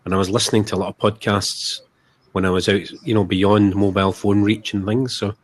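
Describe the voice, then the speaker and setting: A man talks as a guest in a casual interview. His voice sits on the low side, and he speaks in a relaxed, easygoing, modest way. He joins by video call from his flat. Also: a little fast. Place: flat at home.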